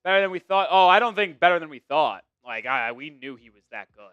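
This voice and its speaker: A man's voice: on the high side, lively intonation, fast talker, fairly bright tone, muffled recording. A man hosting a sports live stream, reacting chattily to plays, bets and fantasy scores. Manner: chatty play-by-play reactions, betting and fantasy talk. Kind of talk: casual live-stream commentary.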